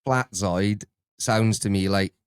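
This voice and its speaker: Male co-host, relaxed and quick to laugh, smooth tone, dry sound. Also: fairly low pitch, dry recording. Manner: laid-back, laughs easily. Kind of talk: casual chat.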